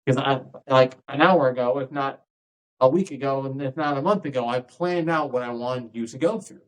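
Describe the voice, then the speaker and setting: In this low-quality recording, a dance instructor with a mid-range voice talks at a normal speed through a relaxed podcast monologue. He checks in often with "right?" and gives lively impressions of anyone he quotes.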